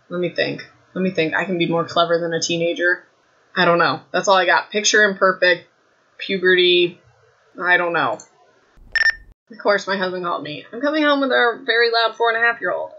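A woman with a hoarse, raspy throat rambles through a casual podcast from her home. She is chatty and self-mocking and keeps saying "like". Her voice is bright and pointed, and the home recording sounds a little dull. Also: lowish voice, a little hiss or hum. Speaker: podcast host. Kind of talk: casual chat, rambling book summary.

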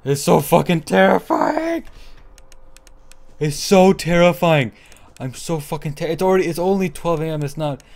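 Gravelly young man, scared gaming chatter. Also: on the high side, animated, moderate pace, a little mellow. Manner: scared, swearing, repeating himself in whispers and yelps. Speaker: gaming channel host. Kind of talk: horror game let's play commentary.

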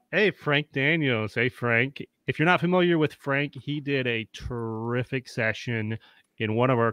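A man's voice: mid-range voice, fairly bright tone, clear, resonant tone, no echo. A man hosting a live-streamed panel interview, chatty and upbeat, greeting viewers by name. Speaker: host.

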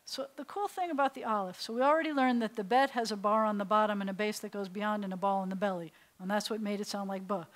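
A middle-aged woman rabbi teaching a beginners' Hebrew class, patient and playful, slowly sounding out syllables for students. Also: medium pitch, poor audio. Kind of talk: classroom language lesson.

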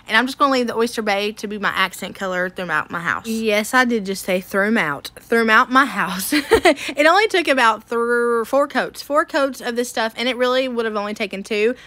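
A woman vlogs about her home projects in a bright, ringing, slightly high voice. She is chatty and self-deprecating and laughs often. The sound is close and dry. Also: no echo. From Tennessee. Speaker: home makeover vlog host. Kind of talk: casual chat to camera.

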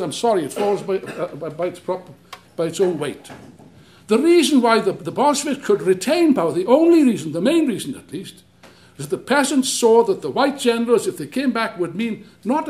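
A man giving an impassioned speech at a public debate, indignant and forceful, firing off rhetorical questions and restarting his phrases as he presses his point. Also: high-pitched. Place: lecture hall.

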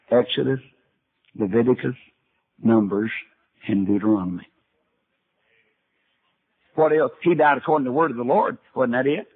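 A man's voice: mid-range voice, husky. An older man preaching a sermon, telling Bible stories in a folksy way and acting out the dialogue himself. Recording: tinny archival sermon recording.

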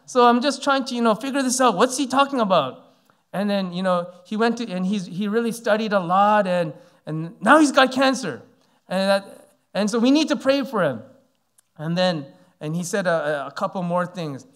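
A man's voice: high voice, moderate pace, a bit bright. A man in his forties from Canada, preaching a sermon as a pastor and telling a story with many fillers. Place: church sanctuary.

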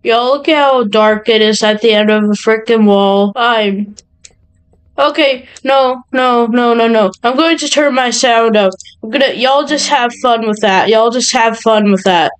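A woman's voice: fairly high pitch, normal speed, hardly any pauses, smooth, poor audio. A young woman playing a horror game for her channel, nervous and jumpy as she talks to her viewers. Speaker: gaming channel host. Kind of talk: horror game let's play commentary.

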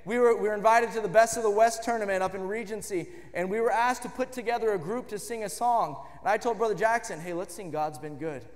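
A man preaching a fervent sermon in a church, rising to shouts on lines of praise. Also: high-pitched, quick pace, few pauses, big-room sound. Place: church sanctuary.

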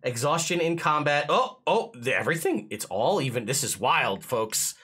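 A man running a streamed tabletop game as its game master. His pitch sits in the middle but swings widely as he explains rules. He sounds excitable and quick to chuckle. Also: breathy edge.

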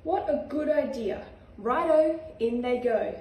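A woman's voice: on the high side, a little slow, darkish tone, close to an everyday voice. A woman with an Australian accent voicing a sly, boastful male dingo cooking a stew in a storybook reading. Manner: cheerful and scheming. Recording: echoey room, far from mic.

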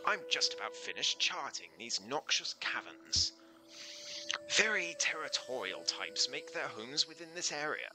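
A man's voice: on the high side, big pitch swings, measured pace, over music, voice pushed up, rough recording. A man voicing an old, genteel male bug who draws maps, reading game dialogue aloud in a courteous, leisurely way. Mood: genial.

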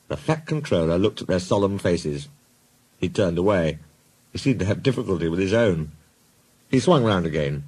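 Husky man narrating a children's story. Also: deep voice, sing-song, normal speed, a little mellow.

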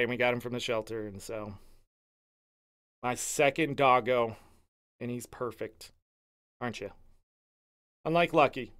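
A male streamer chatting casually and warmly gushing about his pet during a live game stream. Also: mid-range voice, smooth. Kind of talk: casual livestream chat.

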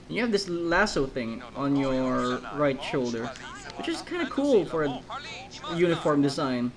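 A man's voice: on the high side, big pitch swings, a little slow, a crowd in the background, poor audio. Rambling, joking gameplay commentator, a man. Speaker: let's play host.

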